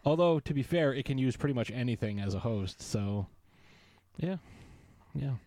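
A man's voice: mid-range voice, expressive, moderate pace, warm tone. A man hosting a podcast in casual chat, joking and going off on playful tangents. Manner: playful, riffing, jokey tangents. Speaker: podcast host.

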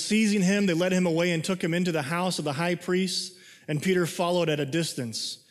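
A man preaching a sermon in a conversational way, reading scripture and explaining it, moving between excited and hushed delivery. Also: a little high. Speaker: pastor. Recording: long hall reverb.

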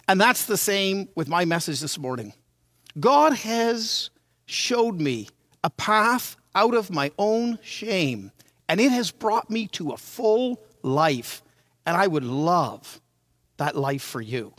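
A man in his sixties preaching a sermon, telling his childhood story in a dramatic, animated way. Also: high-pitched, slow pace, dry recording, studio quality. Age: 60s.

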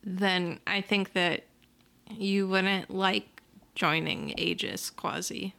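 A woman's voice: medium pitch, fairly even intonation, takes it slowly, creaky, bright, forceful tone, slight background noise. A woman playing a tabletop role-playing game, speaking earnestly and with exasperation, partly in character. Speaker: player. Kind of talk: tabletop role-play, casual chat.

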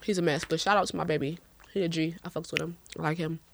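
A woman's voice: low voice, steady tone, fast talker, creaky, background noise. A woman hosting a podcast in casual chat, a profane storyteller who laughs often. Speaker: podcast host.

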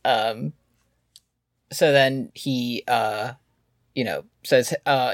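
A man chatting through a show recap with animated, playful energy, slipping into silly voices whenever he quotes someone. His voice is recorded close and dry, with no room sound around it. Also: medium pitch, very slow, pauses often, no echo. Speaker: co-host. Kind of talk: casual comedic recap chat.

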